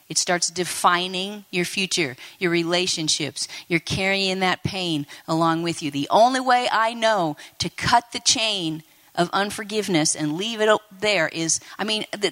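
Bright-voiced woman preaching a sermon. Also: lowish voice. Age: 50s. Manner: animated, talks to the congregation, acts out quoted voices.

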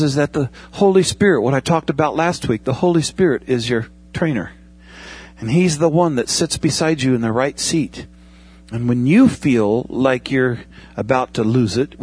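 A man's voice: medium pitch, normal speed, breathy edge. A man preaching a sermon in a conversational way, asking the congregation questions and using everyday comparisons. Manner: conversational preaching with pilot analogies and asides. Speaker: pastor.

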